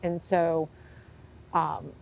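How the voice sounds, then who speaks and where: Candid, animated woman horse trainer. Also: low-pitched, extremely slow, creaky. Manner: animated, acts out quoted reactions, frequent fillers. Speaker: horse trainer, interview guest. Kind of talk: candid conversational storytelling.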